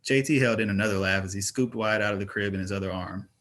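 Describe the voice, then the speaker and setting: Lowish male audiobook narrator. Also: fast talker, few pauses, a bit bright. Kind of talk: audiobook reading of fantasy fiction.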